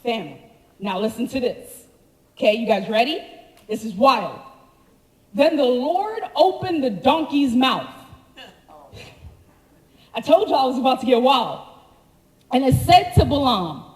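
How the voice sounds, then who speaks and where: A woman preaching a sermon, telling the story with animated slangy asides to the congregation. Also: high-pitched, measured pace, long pauses, roomy sound, big-room sound, low-quality recording. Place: church sanctuary.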